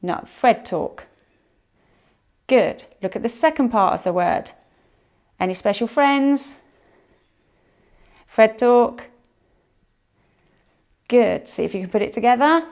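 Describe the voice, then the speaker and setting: A woman teaching a phonics lesson to young children, sounding out words slowly and encouraging them. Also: on the high side, lively intonation, a little mellow. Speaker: primary school teacher.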